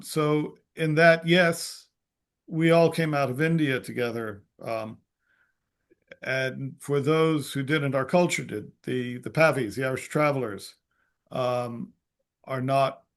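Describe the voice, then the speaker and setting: A man telling a story as a podcast guest, halting and restarting, acting out the quotes. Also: medium pitch. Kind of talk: storytelling in conversation.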